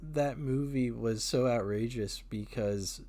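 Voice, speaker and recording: A young man co-hosting a podcast, chatting in a relaxed way and laughing often. His voice sits at a middle pitch for a man. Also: slow. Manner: laid-back, laughing, chatty. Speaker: podcast co-host. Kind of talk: casual chat.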